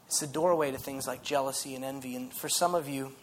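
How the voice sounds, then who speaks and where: A man, a pastor, preaching a sermon in a lively, conversational way with frequent restarts. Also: mid-range voice, fast talker, slight background noise.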